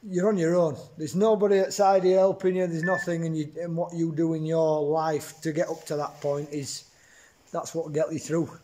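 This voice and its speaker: A man's voice: on the high side, level tone, normal speed, warm tone, a little hiss or hum. A man, a boxer talking bluntly in a casual interview, repeating words and tagging his points with questions.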